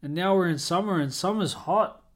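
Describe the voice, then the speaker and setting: A man's voice: high voice, moderate pace. A young Australian man hosting his own podcast, chatting casually in an upbeat, rambling way that often corrects itself. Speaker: podcast host. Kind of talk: casual solo podcast chat.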